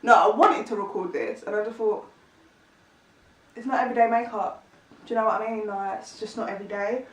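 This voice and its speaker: A woman's voice: mid-range voice, fairly even intonation, brisk, long pauses, far from the mic. Brief: young woman in her twenties, chatty and rambling vlogger, recorded a little off-mic in an echoey room. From East London, England. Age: 20s. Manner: chatty, rambling, many fillers and restarts. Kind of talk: casual chat to camera.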